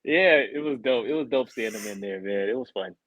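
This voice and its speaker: A man's voice: mid-range voice, a little fast, no echo, poor audio. A man co-hosting a podcast, telling a long story in casual chat and acting out the voices of the people in it. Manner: animated, acts out quoted voices. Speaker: podcast co-host.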